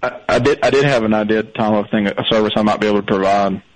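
Male caller, relaxed and earnest, tells his stories plainly. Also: lowish voice, fast talker, poor audio. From Southern United States. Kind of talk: casual phone call chat.

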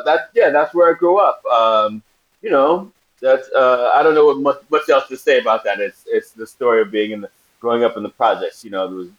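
Brooklyn man, animated storyteller. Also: mid-range voice, highs cut off. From Brooklyn, New York. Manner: animated storyteller acting out quoted voices, laughing often. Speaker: actor guest. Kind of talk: casual storytelling interview.

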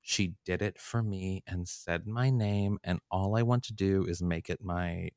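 A man's voice: sits low, a little slow, a little mellow, dry recording, clean studio sound. A man co-hosting a podcast in casual chat, enthusiastic and playful, sometimes gushing. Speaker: podcast co-host.

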